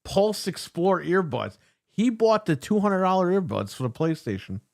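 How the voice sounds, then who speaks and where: A man's voice: high-pitched, sing-song, moderate pace, gravelly. A man co-hosting a casual gaming podcast, ranting sarcastically and swearing a lot. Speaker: podcast co-host.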